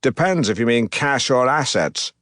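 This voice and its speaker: A man reading an audiobook as a pompous, self-regarding middle-aged broadcaster, in a deadpan, self-important manner. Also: medium pitch, normal speed, no room sound, studio quality, lightly acted. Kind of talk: audiobook narration.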